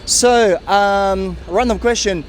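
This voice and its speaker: A man in his thirties from Japan with a Japanese accent, hosting an animated, joking street interview outdoors in a city. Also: high voice, slow, slight background noise. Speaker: YouTube interviewer.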